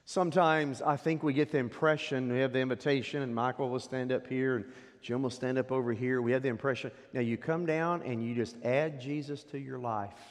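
A pastor preaching a sermon, swinging dramatically between loud declarations and hushed asides. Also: male voice, mid-range voice, fairly even intonation, brisk. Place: church sanctuary. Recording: long reverb of a church hall.

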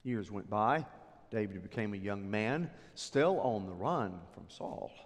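Animated male preacher in a reverberant hall. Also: lowish voice, unhurried. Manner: animated retelling with dramatic drops to near whispers. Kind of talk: sermon storytelling.

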